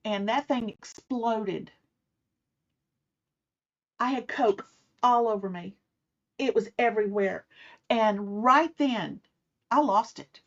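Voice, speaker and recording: A middle-aged woman tells a personal story in a relaxed, chatty way. Her voice sits a little high, and she brings the people she quotes to life as she goes. The recording is a bit dull and muffled. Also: slow pace, pauses often. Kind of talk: casual spoken storytelling. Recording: slightly muffled, dull sound.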